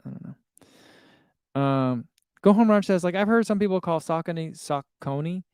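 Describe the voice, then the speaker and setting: A man's voice: high voice, expressive, moderate pace, darkish tone, clear, resonant tone, no echo, clean studio sound. A middle-aged man hosting a running livestream, chatting casually and reading viewer comments aloud with easy laughs. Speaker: running channel host reading live chat.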